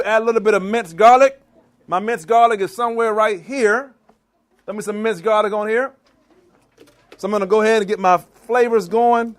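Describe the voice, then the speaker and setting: A man from Maryland giving an animated live cooking demonstration in a church hall, teasing and quizzing his audience. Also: high voice. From Maryland, US East Coast. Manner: animated, teasing, asks the crowd questions. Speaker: chef giving a cooking demo.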